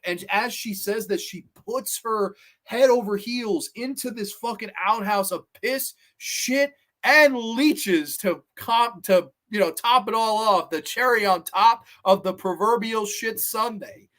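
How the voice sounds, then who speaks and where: A man hosting a horror movie review vlog, talking casually in an excitable, rambling and profane way. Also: high-pitched, a little slow.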